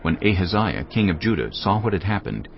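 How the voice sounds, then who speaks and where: A man with an extremely deep, gravelly voice narrates scripture with lively, rolling intonation. The sound is dull and lo-fi, with soft music beneath. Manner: dramatic, measured storytelling.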